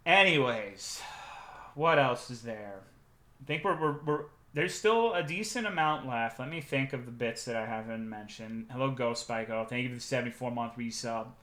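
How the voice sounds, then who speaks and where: A young man streaming, telling profane, animated anecdotes to his chat and acting out the quotes. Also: medium pitch. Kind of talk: casual storytelling to chat.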